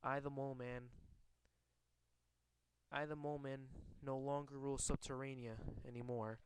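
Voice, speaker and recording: A man reading out the lines of a fallen underground king, slowly and haltingly. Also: medium pitch, little pitch movement, clear, resonant tone, natural voice, rough recording. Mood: grave. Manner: slow halting read-aloud.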